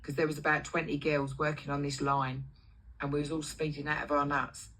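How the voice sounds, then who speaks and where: A middle-aged woman hosting a livestream tells brash, foul-mouthed stories about her past, acting out the voices of the people involved. Her voice is low, fairly bright and flat in pitch, and she talks a little fast on a rough recording.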